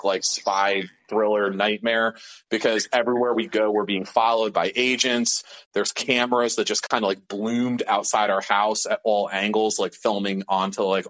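On the low side in pitch, this Pittsburgh interview guest tells a casual story full of profanity and filler words, animated throughout. The recording quality is low.

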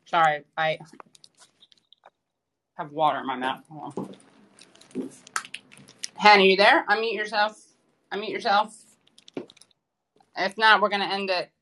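A woman's voice: mid-range voice, a little slow, pauses often, sharp tone, slight background noise. A woman co-hosting a live call-in show, chatty and giving casual instructions to callers. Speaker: co-host.

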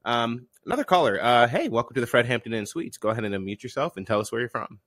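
A man hosting an improvised comedy podcast, laid-back and deadpan, playing along with his callers. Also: medium pitch, fast talker, dry recording, clean studio sound. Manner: laid-back, deadpan, breaks into laughter and shouts.

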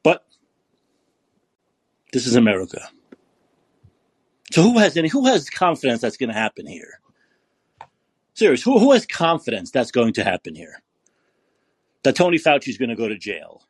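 A man hosting a podcast, delivering an angry, profane political rant full of repeated rhetorical questions and yelling. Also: mid-range voice, wildly swooping pitch, normal speed, pauses often, slightly rough, no room sound. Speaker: podcast host.

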